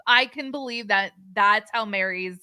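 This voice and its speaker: A woman's voice: medium pitch, unhurried, pushed and bright, clear, resonant tone. A woman in her thirties sharing stories in a casual chat, laughing along. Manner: chatty, laughs while telling stories. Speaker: co-host.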